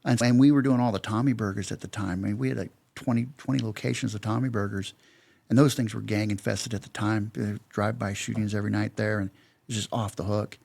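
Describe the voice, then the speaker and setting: La guy in his 50s, kinda gravelly, telling long rambly stories on a podcast. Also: fairly low pitch, steady tone, fast, darkish tone. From Los Angeles, California. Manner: rambling anecdotes retold with "I go, he goes" dialogue. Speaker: podcast guest, security company veteran. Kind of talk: casual storytelling interview.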